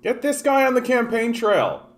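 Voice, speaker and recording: A man's voice: extremely high pitch, sing-song, moderate pace. A Canadian man giving exasperated, profane political commentary and repeating his phrases as he rants.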